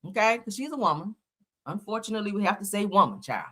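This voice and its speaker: With a mid-range voice, lively intonation, a quick pace and a sharp tone, a woman hosts a live show. She reads viewers' comments out loud and offers emphatic, profane, blunt takes on reality TV, laughing frequently.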